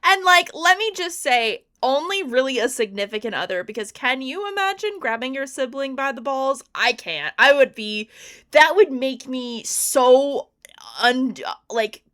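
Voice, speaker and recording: A woman's voice: sits high, animated, unhurried, fairly bright tone. A woman co-hosting a book podcast, chatting casually and repeating phrases for emphasis. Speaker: podcast co-host.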